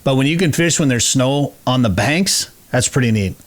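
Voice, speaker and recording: A man hosts a radio show in relaxed conversation, with his voice at a middling pitch. He sounds easygoing and encourages his guest as they talk. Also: normal speed. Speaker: host. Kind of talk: casual radio chat.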